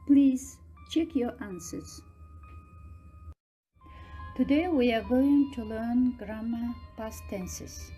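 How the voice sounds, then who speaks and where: A woman English teacher, giving slow, careful instructions to her pupils. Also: on the high side, mellow, soft background music. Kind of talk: recorded classroom instruction.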